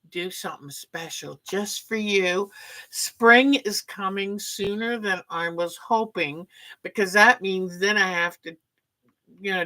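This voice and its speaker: A woman's voice: on the low side, rough recording. A woman hosting a quilting livestream, chatting casually with viewers and greeting them by name. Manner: chatty, warm sign-offs, talks to viewers by name.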